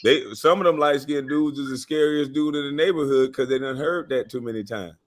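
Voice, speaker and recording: A man hosting a casual chat, telling stories in a relaxed way. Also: mid-range voice, a little fast. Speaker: host.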